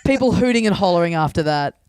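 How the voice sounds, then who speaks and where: A man co-hosting a comedy podcast from a remote call, giving measured opinions with many hesitations. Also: high voice, animated, a little mellow, clean tone, no room sound. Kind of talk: casual chat.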